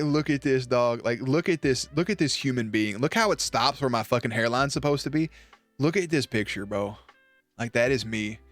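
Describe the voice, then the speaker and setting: Male streamer, mid-pitched, casual and profane storyteller who laughs at his own jokes, faint music behind. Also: no room sound.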